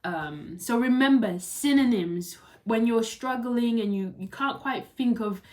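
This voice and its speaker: A young adult woman teaching English writing in a casual, animated way, with quick asides and laughter. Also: on the high side.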